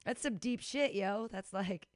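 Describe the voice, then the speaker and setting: A woman's voice: medium pitch, unhurried, crowd noise. A woman hosting a radio show over a video call, joking and teasing in casual chat. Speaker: radio host.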